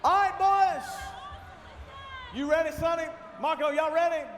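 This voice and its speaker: A man hyping up a crowd as event host, shouting over a live band in a hall. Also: extremely high pitch, a little slow, slight background noise. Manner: loud, shouting, pumping up the crowd. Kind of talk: hyped emcee crowd work. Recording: echoey hall, loud music behind.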